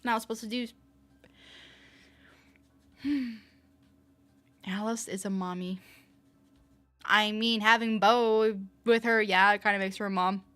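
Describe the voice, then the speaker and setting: A young woman with a fairly low voice chatting casually on a livestream, playful and laughing often. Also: steady tone, measured pace, long pauses, a bit bright. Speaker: streamer. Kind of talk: casual livestream chat reading comments.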